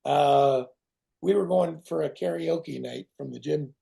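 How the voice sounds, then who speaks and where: A middle-aged man, a guest actor in a casual interview who tells animated stories, swears and acts out other people's voices. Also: on the high side, unhurried, creaky, husky. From Canada.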